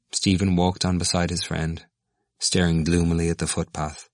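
A man narrating a novel in a measured, even literary reading. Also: sits low, no echo. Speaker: audiobook narrator. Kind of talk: scripted narration.

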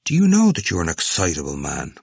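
A man reading a probing, sardonic young male student whose questions rise and fall, with a low, dry voice. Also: wildly swooping pitch, a little fast, gravelly, breathy edge, no room sound, full character voice.

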